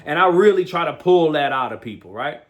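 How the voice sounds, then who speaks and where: Higher-pitched man, energetic motivational host. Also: brisk, dull audio. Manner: energetic, slangy, keeps asking "right?"; restarts and repeats words often. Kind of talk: motivational talk.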